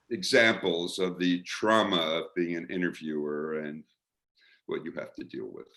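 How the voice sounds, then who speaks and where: A middle-aged man, a radio interviewer, telling lively anecdotes in a casual panel talk and mimicking the people he quotes. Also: low voice, unhurried, rough recording.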